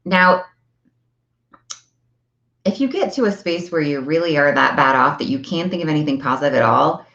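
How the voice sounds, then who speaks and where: Chatty low-voiced woman coach, echoey room. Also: expressive, normal speed, a bit bright. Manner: earnest, chatty, repeats phrases for emphasis. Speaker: self-help coach. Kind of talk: motivational talk to viewers. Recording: echoey room, slightly dull sound.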